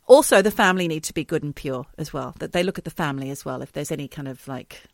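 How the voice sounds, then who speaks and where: A woman on a podcast, chatting casually and reading out facts in a wry, deadpan way, swearing now and then. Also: low voice, fast, vocal fry, a little hiss or hum. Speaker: podcast co-host.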